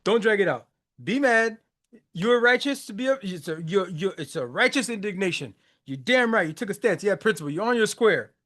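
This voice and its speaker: This man's voice sits high, with a bright, forceful tone, and he speaks briskly and expressively. As a podcast host, he gives casual commentary on a song's lyrics, full of slang, repetition, and frequent laughter.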